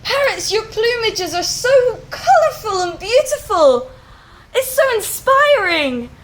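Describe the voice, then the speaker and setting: A woman voicing an eager, earnest little male bird who gushes his gratitude in high, shouted lines. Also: big pitch swings, takes it slowly, slight background noise, exaggerated voice. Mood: delighted.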